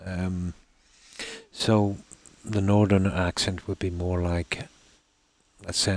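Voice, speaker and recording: Deep-voiced Irish Midlands man, rambling. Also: flat delivery, takes it slowly. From Ireland. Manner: rambling, many fillers and "let's say". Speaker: streamer. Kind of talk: casual chat with viewers while gaming.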